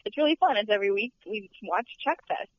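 A woman's voice: medium pitch, expressive, fast, no room sound. A young woman who works as a studio tour guide, chatting in a bubbly, giggly way with lots of fillers. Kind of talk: casual interview chat. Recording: dull lo-fi sound.

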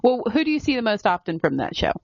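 A woman's voice: a little high, very animated, fast, vocal fry. A woman hosting an interview who asks brief, friendly questions. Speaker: podcast host. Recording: dry, dull lo-fi sound.

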